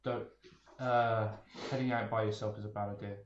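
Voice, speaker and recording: A man's voice: fairly low pitch, flat delivery, normal speed, background noise. Blunt man player, dull echoey sound. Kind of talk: in-character tabletop play.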